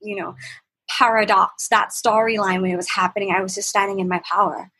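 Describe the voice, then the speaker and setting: Breathy young woman with a Thai accent. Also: medium pitch, steady tone, fairly quick, pushed and bright, low-quality recording. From Thailand. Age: young adult. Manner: earnest, reflective, searching for words. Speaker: podcast guest. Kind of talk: personal storytelling in a conversation.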